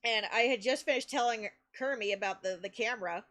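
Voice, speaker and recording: A woman streamer telling stories in a casual, animated way, laughing often and restarting her sentences. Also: on the high side, fairly quick. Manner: chatty, with many restarts and fillers. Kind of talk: casual live-stream storytelling.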